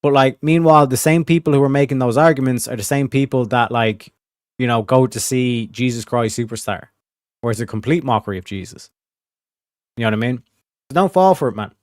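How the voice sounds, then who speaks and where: A man's voice: medium pitch, fairly quick, no room sound, studio quality. A man hosting a livestream, chatting casually and rambling with plenty of "like" and swearing. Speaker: livestream host.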